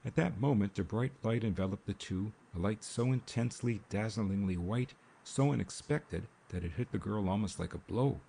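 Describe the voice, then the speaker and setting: A man narrating a mystery novel in a measured, steady audiobook reading. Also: fairly low pitch, creaky, slight background noise. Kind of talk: scripted narration. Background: rain sounds.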